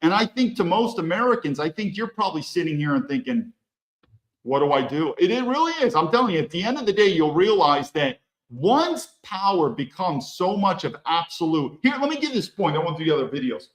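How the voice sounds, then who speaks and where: A man's voice: sits high, very animated, brisk, roomy sound, rough recording. A man hosting a solo political monologue, talking emphatically with blunt, profane language and a string of rhetorical questions. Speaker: political commentary host.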